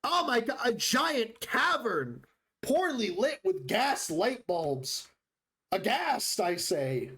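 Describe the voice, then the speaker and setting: A man voicing a pompous posh gentleman who is theatrically horrified. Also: very high-pitched, very animated, takes it slowly, voice pushed up, exaggerated voice. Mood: mock horror. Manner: theatrical, mock-horrified exclamations.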